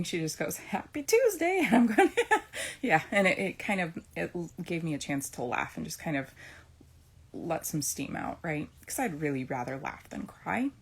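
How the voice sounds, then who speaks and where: A woman's voice: deep voice, gravelly, husky. A middle-aged woman talking casually about her homeschooling day and faith, rambling with restarts and frequent "right?" check-ins. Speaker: homeschooling mom sharing a faith reflection. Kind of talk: casual personal talk.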